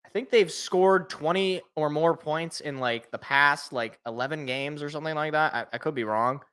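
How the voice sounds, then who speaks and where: Man, young adult, bright voice, slightly high, fan play-by-play, rambling, self-correcting. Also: moderate pace, clear, resonant tone. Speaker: fan podcast co-host.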